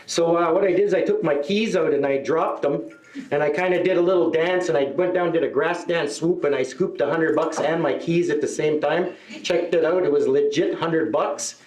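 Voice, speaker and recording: A middle-aged man doing a stand-up comedy set, telling a long story and jumping into higher voices for the people he quotes. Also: moderate pace, a little mellow. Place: live show venue. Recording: echoey live room.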